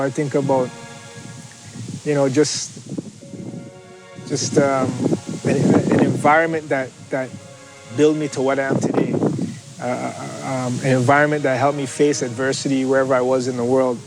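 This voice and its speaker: A man's voice: mid-range voice, level tone, poor audio. A man from Scarborough, Canada, speaking in a documentary interview about growing up, with frequent restarts and fillers. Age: adult. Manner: halting, many restarts and fillers. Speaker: interviewee, athlete. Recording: faint music underneath.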